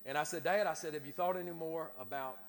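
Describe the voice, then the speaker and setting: A man's voice: a little high, quick pace. A man telling a personal story in a sermon, repeating and restarting his words often. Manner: repetitive, stammering restarts. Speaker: preacher. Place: church sanctuary. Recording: reverberant hall with faint noise.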